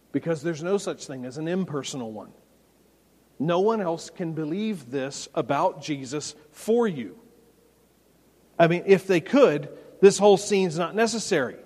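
A man's voice: a little high, darkish tone, husky. A man preaching a sermon as a pastor, conversational and emphatic, with folksy anecdotes, in a church sanctuary. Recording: long reverb of a large hall.

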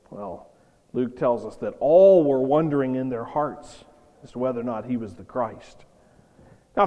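A man's voice: a little high, darkish tone, dull audio. A man preaching a sermon in a conversational, storytelling way with emphatic points. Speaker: pastor. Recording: long reverb of a hall.

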